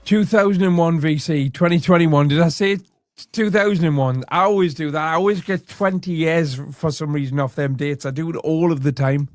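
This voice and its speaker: A man's voice: a little high, moderate pace, no echo, faint music behind. A man hosting comedic reaction commentary, chatty with wry asides. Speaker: commentary host.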